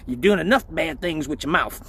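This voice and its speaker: A man voicing a small, fierce mother who scolds with shrill, mocking shouts. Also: lively intonation, normal speed, slight background noise. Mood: mocking scolding.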